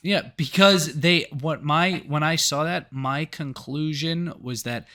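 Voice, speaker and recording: A man co-hosting a casual movie review podcast, blunt and swearing, with quick asides. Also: on the high side, noisy background. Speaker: podcast co-host.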